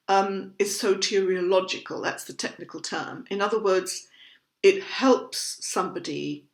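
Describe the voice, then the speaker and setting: Thoughtful woman explaining in a roomy space. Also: mid-range voice. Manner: measured, thoughtful, explaining terms patiently. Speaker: Buddhism teacher. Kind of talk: explanatory educational talk. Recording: roomy echo.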